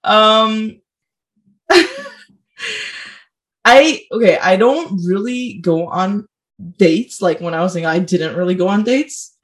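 A woman's voice: mid-range voice, takes it slowly, pauses often. A young woman co-hosting a casual podcast, asking questions and laughing often. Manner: laughs often, short backchannels. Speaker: podcast co-host.

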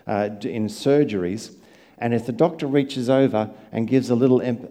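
Dark-voiced male preacher telling stories. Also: mid-range voice. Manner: storytelling, swings from quiet to loud. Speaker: pastor. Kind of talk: sermon.

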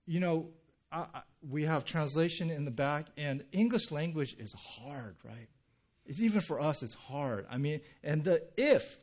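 A male pastor delivering a sermon in an easygoing, conversational manner. His voice sits a little high for a man. He peppers his points with quick "right?" check-ins and acts out little stories as he goes. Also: lively intonation, darkish tone. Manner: conversational, frequent "right?" and "like" asides; storytelling with acted quotes.

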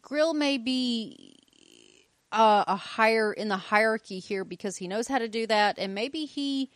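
A woman co-hosting a podcast, chiming in casually with her own theories and quick agreement. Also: on the high side, no room sound, clean studio sound. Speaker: podcast co-host. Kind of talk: casual episode recap chat.

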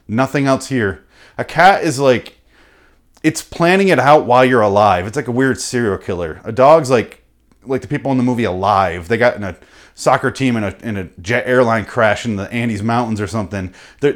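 A man riffing through an unscripted comic monologue, profane and animated, with sudden loud bursts. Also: mid-range voice. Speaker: comedian host.

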